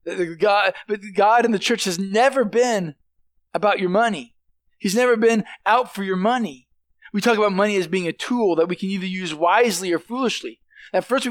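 A male pastor with a high-pitched voice, preaching in a loose, conversational way full of restarts. He often checks in with the congregation with quick questions. The sound is close and dry. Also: no room sound. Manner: halting, with many restarts and "right?" asides to the congregation. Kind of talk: sermon.

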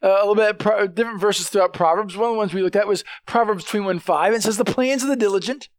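A man preaching a sermon in a casual, halting way, restarting phrases and turning to the congregation with questions. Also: high voice, steady tone, no echo, studio quality. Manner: halting, with many restarts and "right?" asides to the congregation. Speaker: pastor.

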